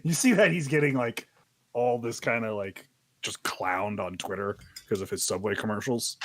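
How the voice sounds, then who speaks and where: A man's voice: fairly low pitch, normal speed. A man co-hosting a casual podcast, teasing and wry while chatting about sports. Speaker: podcast co-host. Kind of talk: casual chat.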